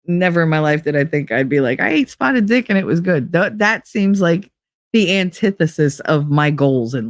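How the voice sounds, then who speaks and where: A host from the UK, chatting casually and reading out live comments, with animated, sarcastic asides. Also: mid-range voice, dry recording, studio quality. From United Kingdom. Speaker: livestream podcast host.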